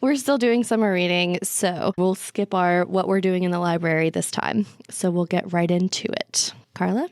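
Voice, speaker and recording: A woman's voice: on the low side, fairly even intonation, moderate pace, hardly any pauses, no echo, studio quality. A woman hosting a library podcast, introducing her co-hosts with jokes in a casual, upbeat way. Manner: upbeat, jokey introductions, frequent backchannel. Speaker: podcast host. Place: library recording room.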